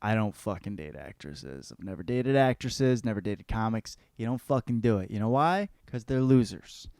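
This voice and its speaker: A man's voice: lowish voice, lively intonation, normal speed, vocal fry, darkish tone, smooth, dry recording, studio quality. A man hosting a podcast, giving a crude comedic book report in a profane, rambling way. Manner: profane, rambling, puts on voices for characters. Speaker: podcast host.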